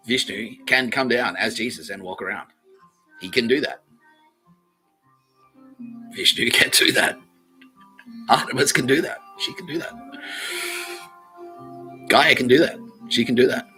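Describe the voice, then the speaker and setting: A man hosting a podcast, rambling through an excitable, profane comedy monologue and laughing often mid-sentence. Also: mid-range voice, measured pace, long pauses, soft background music, low-quality recording. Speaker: podcast host.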